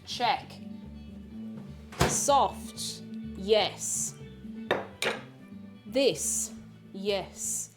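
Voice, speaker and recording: A woman's voice: medium pitch, lively intonation, moderate pace. A young woman hosting a live baking stream in her home kitchen. She chats casually, reads viewers' messages aloud and hums while she works. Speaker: livestream host baking. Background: background music.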